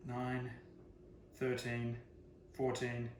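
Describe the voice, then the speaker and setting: Man, casual cooking demo, chatty, self-deprecating, mid pitch, roomy kitchen echo. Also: completely flat delivery, very slow, slight background noise. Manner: chatty, self-deprecating, jokes about his own slips. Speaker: cooking demonstrator.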